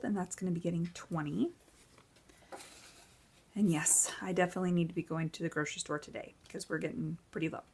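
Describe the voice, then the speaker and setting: A woman's voice: lowish voice, creaky, darkish tone, slightly rough. A woman in her forties chatting casually and upbeat while she counts cash into budget envelopes, tired from little sleep. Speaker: budgeting vlogger.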